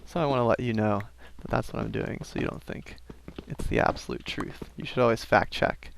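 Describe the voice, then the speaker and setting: A young man with a lowish, creaky voice gives brisk, rambling let's-play commentary over a video game, dropping frequent self-aware asides. A little hiss or hum sits under the audio.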